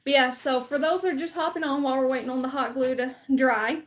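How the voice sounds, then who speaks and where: A woman's voice: high voice, fairly even intonation, fast talker. A woman with a Southern accent hosting a casual crafting livestream, talking easily through each step as she works. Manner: easygoing, explains steps while working.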